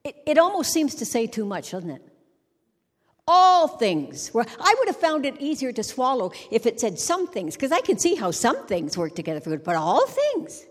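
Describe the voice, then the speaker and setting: Middle-aged woman, joking sermon, wry storyteller, higher voice, long hall reverb. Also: very animated, moderate pace. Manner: wry, joking storyteller who acts out quotes. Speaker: church speaker. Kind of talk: humorous sermon.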